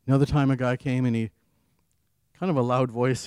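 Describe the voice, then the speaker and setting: Guy preaching a heartfelt sermon, mid pitch, gets loud then goes real quiet, dry room. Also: fairly even intonation, fairly quick, smooth, dry recording. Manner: earnest, rising on key phrases and dropping to quiet asides. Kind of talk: devotional sermon with personal testimony.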